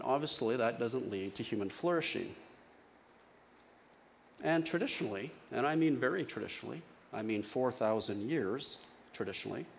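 A man's voice: medium pitch, gravelly, slight background noise. A male pastor giving a sermon in a casual, conversational way, often asking his congregation questions.

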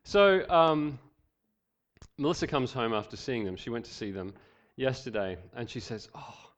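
Aussie pastor guy preaching, acts out the quotes, cracks jokes, kinda muffled low-fi recording. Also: normal speed. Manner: animated reading with voiced quotes, joking asides. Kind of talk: sermon.

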